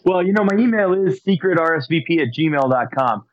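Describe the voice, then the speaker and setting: A man's voice: on the high side, expressive, a little fast. A man in casual podcast chat, rambling and hesitant, with many fillers. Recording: slightly dull lo-fi sound.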